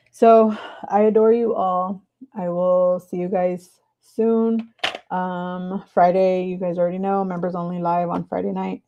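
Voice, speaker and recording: A woman hosting a live stream from her desk, chatting casually and breaking into high excited cheers, on a clip-on mic. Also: moderate pace, lo-fi sound. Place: home desk. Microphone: clip-on mic in her shirt.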